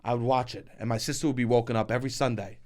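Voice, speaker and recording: A man's voice: medium pitch, rapid-fire. A young man from Staten Island, co-hosting a casual comedic podcast and acting out family scenes as he tells stories. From Staten Island, New York. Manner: animated storyteller, acts out family voices. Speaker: podcast co-host.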